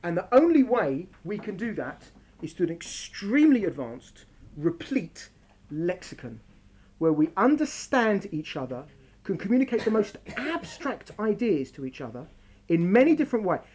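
A woman leading a lively discussion with an audience, animated and quick to talk over interruptions. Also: medium pitch, slightly rough. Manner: animated, talks over interruptions, mimics voices for fun. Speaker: speaker leading a group discussion.

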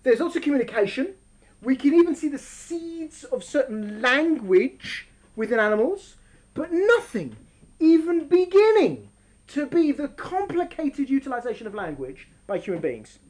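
A woman leading a lively discussion with an audience, animated and quick to talk over interruptions. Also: sits high. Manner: animated, talks over interruptions, mimics voices for fun. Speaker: speaker leading a group discussion.

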